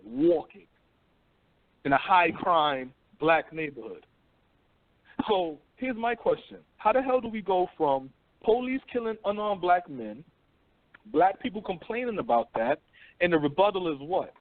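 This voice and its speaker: High-voiced, animated man on phone-line radio. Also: measured pace, no room sound. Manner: animated, profane, swings between mocking voices. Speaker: radio show host. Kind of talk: casual call-in radio talk.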